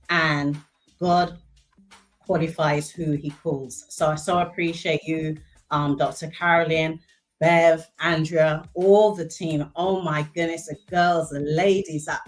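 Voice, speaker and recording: Woman, 50s, low voice, heartfelt testimony; faint music underneath. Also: fairly even intonation, takes it slowly. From Barbados. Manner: earnest, emotional, faith-filled. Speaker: event speaker, clinical services director.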